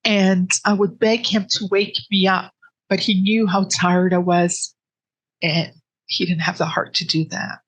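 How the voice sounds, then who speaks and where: Halting, emotional woman. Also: on the low side, little pitch movement, no room sound, dull audio. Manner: earnest, halting storytelling with restarts; soft and emotional, close to tears. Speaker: interviewee. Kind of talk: personal grief story in an interview.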